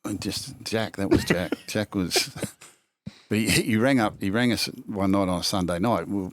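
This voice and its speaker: A man's voice: on the low side, normal speed, dry recording. An older man with an Australian accent, a former rugby league coach telling stories in casual chat, acting out quotes with many restarts. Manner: yarn-spinning, acts out quotes, frequent restarts.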